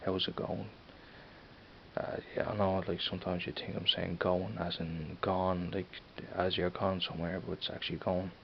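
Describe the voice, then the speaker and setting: Gravelly low Dublin man, flat. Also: a little fast, few pauses. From Ireland. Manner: hesitant, rambling, many fillers and restarts. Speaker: vlogger. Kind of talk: casual rambling vlog. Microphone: camera mic. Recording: dull lo-fi camera audio with faint hiss.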